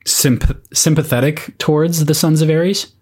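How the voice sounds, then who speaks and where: A man's voice: a little high, steady tone, a little slow, darkish tone, breathy edge. A man co-hosting a podcast, chatting casually about a book, laughing often and teasing his co-host. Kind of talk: casual book discussion chat.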